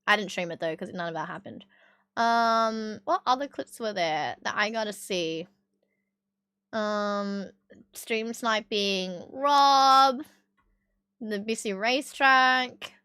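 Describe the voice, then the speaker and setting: A woman's voice: mid-range voice, slow, sharp tone, smooth, no room sound, studio quality. An Australian woman streaming live, chatting casually with her chat, swearing freely and laughing often.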